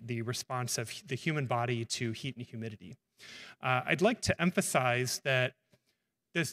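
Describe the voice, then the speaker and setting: A man's voice: mid-range voice, fairly bright tone. A male professor moderating a panel on stage, speaking off the cuff with frequent filler words. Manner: hesitant, many uh fillers, friendly. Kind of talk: unscripted moderating. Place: lecture hall stage. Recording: long hall reverb.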